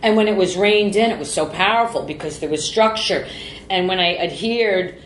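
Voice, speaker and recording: A woman's voice: medium pitch, normal speed. A woman guest in a candid interview, talking emotionally and repeating herself as she rambles. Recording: roomy with faint background noise.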